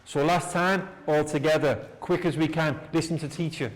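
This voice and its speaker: A man teaching a class, leading slow repeat-after-me drills in a clear, encouraging way. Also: a little high, fairly even intonation. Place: classroom with students.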